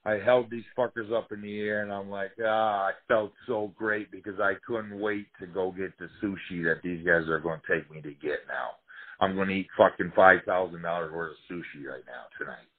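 A man, a former fighter, telling wild career stories in a casual, profane, animated way. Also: low-pitched, moderate pace. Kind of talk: casual storytelling interview. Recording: tinny phone-like line.

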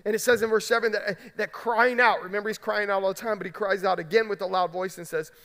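Man, pastor, high bright voice, emphatic conversational sermon, long hall reverb. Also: steady tone, fast. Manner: emphatic, conversational preaching with frequent "right?". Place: large church sanctuary.

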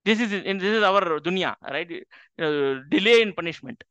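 A man's voice: sits high, lively intonation, normal speed, bright, forceful tone, clean tone, dry recording. A man teaching a Quran class to an audience, emphatic and full of rhetorical questions. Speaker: Islamic teacher. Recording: slightly dull lo-fi recording.

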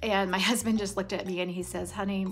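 A woman's voice: medium pitch, fairly even intonation, fast, soft background music. A middle-aged woman vlogger telling a long personal story in a chatty, rambling way, full of restarts and side remarks. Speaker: nail polish vlogger. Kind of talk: casual storytelling.

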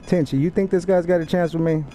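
A man's voice: on the high side, fairly even intonation, fast, mellow, soft background music. A young man trash-talking other players in an online game over a headset mic, taunting, profane and boastful. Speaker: gamer streaming online play.

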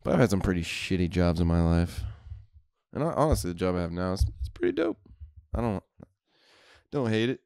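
Brief: young man, low voice, dry close sound, profane and rambling podcast host. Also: wildly swooping pitch, fairly quick, vocal fry, a little mellow, clear, resonant tone, no room sound. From Houston, Texas. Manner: profane, laid-back rambling with laughs. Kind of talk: casual storytelling chat.

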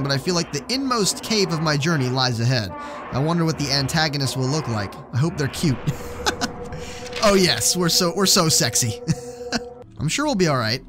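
Jumpy young male horror gamer. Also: on the high side. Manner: jumpy, joking, swears when startled. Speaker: let's play gamer. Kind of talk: horror game commentary.

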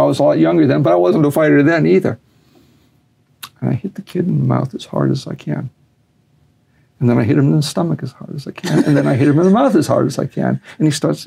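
Gravelly-voiced older man telling a story. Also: medium pitch. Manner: animated storyteller, acts out quotes, laughs. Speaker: interview guest, former boxing fixer. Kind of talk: storytelling in a sit-down interview.

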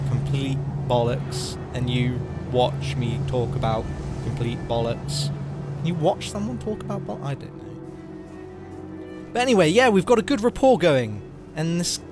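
Lively sweary young man. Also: fairly high pitch. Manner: rambling, sweary, jokey, shouts at the game. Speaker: let's play host. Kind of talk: casual game commentary. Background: game music.

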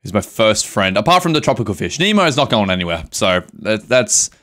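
A man's voice: fairly low pitch, sing-song, a little fast, bright, forceful tone. A young man live streaming a video game, talking to his chat with melodramatic mock grief, swearing and laughing. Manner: reads chat aloud and answers it.

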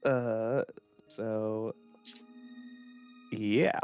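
A man chats casually while playing a tabletop game, joking with the others. His voice sits a little low, and the audio is slightly dull and lo-fi with faint music underneath. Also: fairly even intonation, very slow, a little mellow. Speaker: player.

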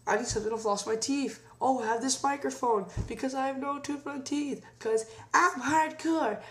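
A man voicing a goofy male wrestler acting meek and homey, in a high, drawn-out, sing-song voice. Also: fairly bright tone. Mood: mock innocent.

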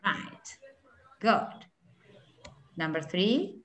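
A woman's voice: medium pitch, big pitch swings, drawn-out words, a bit bright. Woman, patient teacher running an online class, lots of praise. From Argentina. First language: Spanish. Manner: encouraging, repeats and praises answers, mixes in Spanish. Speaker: English teacher.

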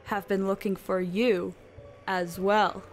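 An eerie, mysterious presence speaks slowly and softly, stretching each phrase into a hushed, ominous crawl, as a woman puts on a spooky reading voice. Faint music plays underneath. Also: mid-range voice, level tone, pitched below the performer's own voice. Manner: slow, hushed, drawn-out reading. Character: eerie mysterious online entity, calm and ominous.

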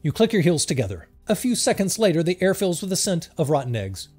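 A man's voice: high voice, quick pace, husky, soft background music. A man hosting a let's-play, reading a text adventure aloud with playful emphasis. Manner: lively, reads with playful emphasis, laughs along.

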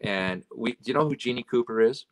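This Canadian road and stage manager appears as a guest, spinning loose, meandering stories in easygoing conversation full of "you know" and "right?". He speaks briskly in a mid-range voice.

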